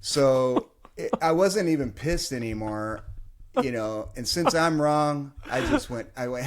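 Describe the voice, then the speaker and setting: Lively male podcast host, mid-pitched, with a very animated, swinging delivery. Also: unhurried. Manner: animated storyteller who acts out voices. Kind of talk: casual storytelling chat.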